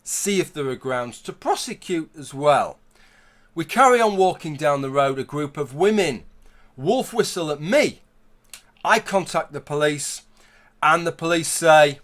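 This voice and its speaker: A man's voice: a little high, expressive, normal speed, fairly bright tone. A man giving a conversational opinion commentary, arguing his point through hypothetical scenarios. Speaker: YouTube commentator.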